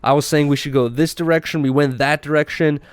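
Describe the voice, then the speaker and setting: A young man tells a story on his podcast in a casual, animated way, laughing often and acting out what people said. His voice sits a little high, and the sound is close and dry. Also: fairly quick, clear, resonant tone, no echo. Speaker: podcast host.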